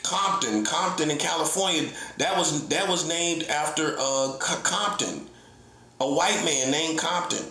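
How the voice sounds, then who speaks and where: A middle-aged man preaches his point in a combative, repetitive monologue, hammering the same lines again and again. His voice sits a little high for a man. The recording is roomy, with a noticeable echo around him. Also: a little slow, bright, forceful tone. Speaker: self-styled prophet. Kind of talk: heated online monologue. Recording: echoey room.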